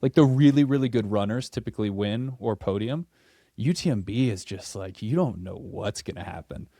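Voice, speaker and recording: A man hosting a podcast interview, chatting casually and laughing often with a relaxed, filler-heavy way of talking. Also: fairly low pitch, normal speed, gravelly, no echo, studio quality. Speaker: podcast host.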